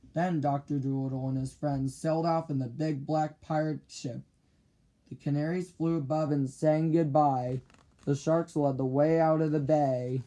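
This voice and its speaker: With a warm, rather high voice, a man reads a children's picture book aloud. His storytelling is slow and clear.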